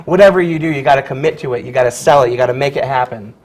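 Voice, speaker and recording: A man who teaches high school drama, from Virginia, talking casually in an interview with lots of fillers and laughs. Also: very fast, low-quality recording. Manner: chatty, laughs often, many fillers and restarts.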